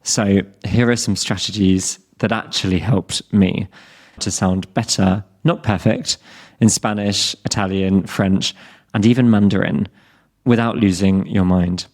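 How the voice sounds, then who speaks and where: A man's voice: low-pitched, steady tone, a little slow, darkish tone. A man in his thirties with a British accent, hosting a scripted English-learning podcast in a candid, self-deprecating and encouraging way. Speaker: podcast host and English teacher.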